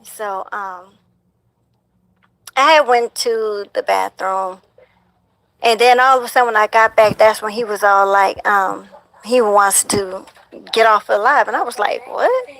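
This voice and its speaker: A young woman, a guest on a talk show, telling a painful personal story in a halting way, full of fillers and repeated words. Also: mid-range voice, steady tone, fairly bright tone, rough recording. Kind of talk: emotional personal account.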